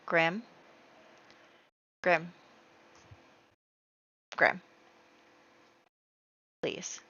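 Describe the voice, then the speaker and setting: A woman hosting a casual gameplay video, excitable and full of exclamations as she talks to her viewers. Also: lowish voice, very slow, muffled recording. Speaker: let's play host.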